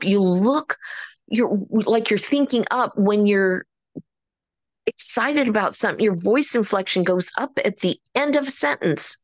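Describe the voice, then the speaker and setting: A woman's voice: medium pitch, unhurried, no echo. Woman, motivational speaker, upbeat and emphatic, dry close sound. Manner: energetic, animated, preacher-like emphasis. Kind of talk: motivational talk on a call.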